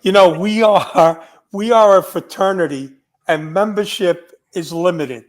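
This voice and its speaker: A man's voice: high voice, unhurried. An older man, a retired undercover agent, telling stories in a blunt, emphatic podcast conversation.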